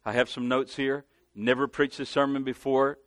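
A man's voice: medium pitch, level tone, moderate pace, fairly bright tone, dry recording. Southern man preaching, dry close sound. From Southern United States. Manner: earnest, calls for amens, many restarts. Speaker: guest preacher. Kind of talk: sermon. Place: church sanctuary.

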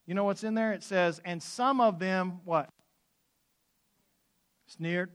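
Male pastor, high voice, dramatic sermon delivery, loud peaks and near-whispers. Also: takes it slowly, pauses often, clean tone. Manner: animated, swings from loud outbursts to hushed asides.

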